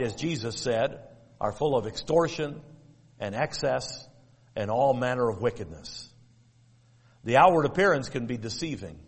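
A man delivering a sermon, teaching in a measured, emphatic way and repeating key phrases. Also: mid-range voice, big-room sound. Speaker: preacher.

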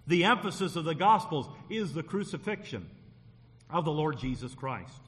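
A man's voice: on the high side, big pitch swings, moderate pace, fairly bright tone. A man preaching a Sunday sermon in earnest, often repeating phrases as he builds a point. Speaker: pastor. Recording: long reverb of a large hall.

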